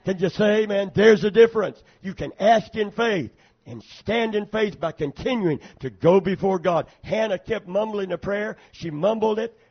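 A man preaching a sermon in a church, often calling for amens and swinging from quiet asides to fervent prayer. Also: sits high, normal speed, slightly rough. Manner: preaching with frequent calls for amen. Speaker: pastor. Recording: dull lo-fi sermon tape.

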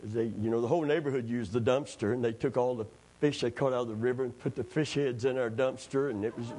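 A middle-aged pastor is preaching a storytelling sermon in a church. His pitch sits at an ordinary middle level for a man. He swings into lively quoted voices and laughs along with his own anecdotes. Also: slight background noise.

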